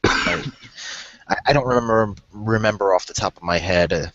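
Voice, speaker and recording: A man's voice: fairly low pitch, moderate pace, a bit bright, highs cut off, slight background noise. A man co-hosting a casual podcast over an online card game, joking, laughing often and rambling with restarts. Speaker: podcast co-host.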